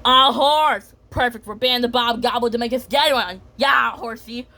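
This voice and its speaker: A woman voicing an excitable male goblin bandit, loud and brash, while retelling a cartoon. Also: high-pitched, moderate pace, pitched above the performer's own voice, full character voice. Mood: excited.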